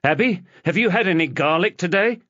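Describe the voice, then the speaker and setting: A man's voice: mid-range voice, lively intonation, a little slow, dry recording. Man playing a terse, tense detective. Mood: alarmed. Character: tense male detective, protective husband. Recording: dull lo-fi audiobook recording.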